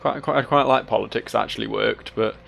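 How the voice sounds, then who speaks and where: A man's voice: medium pitch, steady tone, a little fast, gravelly, fairly bright tone, soft background music. A sleep-deprived man, giving rambling, sweary gameplay commentary full of self-mocking asides. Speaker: let's play host.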